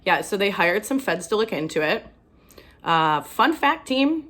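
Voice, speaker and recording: A woman's voice: medium pitch, very animated, a little slow, fairly bright tone. A young woman from Ohio performing a stand-up comedy set, self-deprecating and often laughing at her own jokes. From Ohio, USA.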